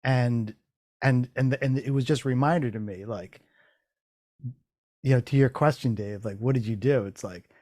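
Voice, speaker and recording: A man's voice: mid-range voice, normal speed, long pauses, darkish tone, dry recording, studio quality. A man hosting a casual chat, telling a rambling story full of restarts and swearing, acting out his own thoughts in quotes. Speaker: podcast host.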